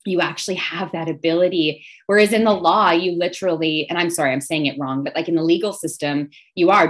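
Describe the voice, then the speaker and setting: A woman podcast host talks earnestly and emotionally in conversation, often offering soft affirming murmurs. Her voice sits a little low for a woman. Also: brisk, few pauses.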